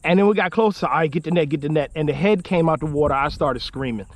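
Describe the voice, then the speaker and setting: A man vlogging from a kayak outdoors, exclaiming and rambling with excitement, his voice going hoarse. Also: on the high side, rapid-fire. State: losing his voice. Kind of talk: excited outdoor fishing vlog. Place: on a kayak outdoors on the water in wind. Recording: noisy outdoor recording with wind and water.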